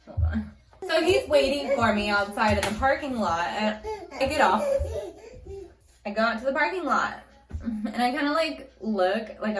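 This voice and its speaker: Chatty woman storyteller in an echoey room. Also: medium pitch. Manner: chatty, animated, heavy use of "like". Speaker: vlogger telling a story. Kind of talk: casual storytime vlog. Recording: roomy echo, faint music.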